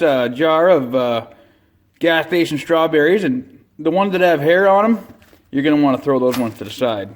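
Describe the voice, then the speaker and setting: A man, giving a crude, swear-filled mock-serious how-to as a comedy vlog host in a shop. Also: on the high side. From Canada. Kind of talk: profane deadpan comedy monologue. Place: shop or garage.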